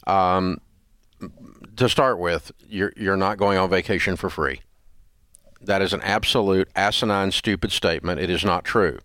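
A man's voice: sits low, normal speed, fairly bright tone, no room sound, clean studio sound. An older man hosting a radio advice show, blunt and scolding in an emphatic, repetitive way. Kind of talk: call-in advice show banter.

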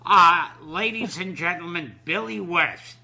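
A man hosting a podcast, asking halting, stop-start questions in casual chat. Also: sits high, creaky, pushed and bright, a little hiss or hum. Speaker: podcast host.

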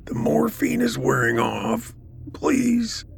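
A man voicing a frail, dying male inmate with a croaky voice, speaking slowly in a hushed near-whisper. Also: low-pitched, animated, full character voice. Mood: strained, confessing.

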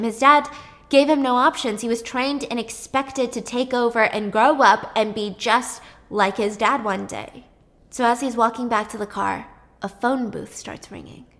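A woman casually retelling a film plot, animated and chatty with lots of fillers. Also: a little high, unhurried.

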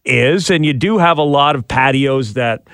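A man's voice: medium pitch, moderate pace, fairly bright tone, no echo, clean studio sound. Jokey male morning radio host. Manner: chatty, jokey, laughs often. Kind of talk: casual morning radio banter. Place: radio studio. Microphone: studio microphone.

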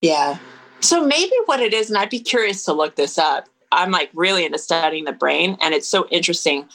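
Earnest, reflective woman with a lowish voice. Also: fairly quick, low-quality recording. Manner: earnest and reflective, with lively bursts. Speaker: podcast guest. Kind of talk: casual interview conversation.

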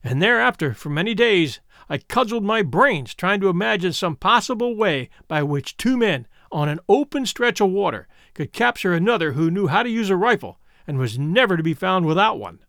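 A man narrating a classic adventure story in an expressive, animated way. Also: high voice, moderate pace, few pauses, no room sound, studio quality. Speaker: audiobook narrator.

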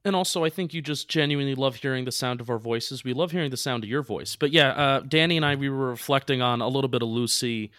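Bright-voiced joking man on a podcast. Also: medium pitch, fast talker, few pauses, no echo, clean studio sound. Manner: joking and animated. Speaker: podcast co-host. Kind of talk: casual podcast chat.

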